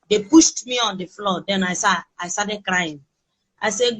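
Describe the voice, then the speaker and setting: A woman with a Nigerian accent giving personal testimony as an interviewee, talking in a halting, emotional way with many restarts. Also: medium pitch, a bit bright, husky, low-quality recording. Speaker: interviewee recounting a kidnapping.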